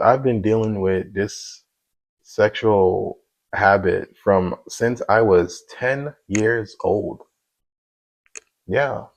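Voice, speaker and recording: A man's voice: lowish voice, creaky, poor audio. A man in his thirties giving a candid personal faith testimony, earnest and confessional, with many "you know" asides. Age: 30s.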